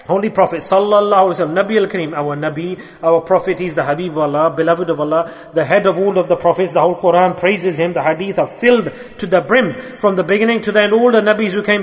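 Man, high-pitched, sermon, rhetorical questions, long hall echo. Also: steady tone, fast, few pauses. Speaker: speaker at a religious gathering.

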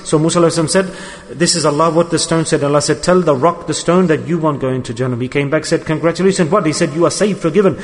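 A man's voice: fairly high pitch, fast talker. A man preaching a sermon with emotive storytelling, repeating his key words. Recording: long hall reverb.

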